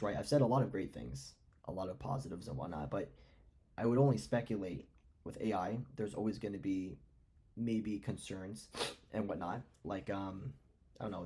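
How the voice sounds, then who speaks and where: A man's voice: low voice, darkish tone, breathy edge. A man giving casual, rambling stock commentary, musing aloud with lots of fillers. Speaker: finance commentator.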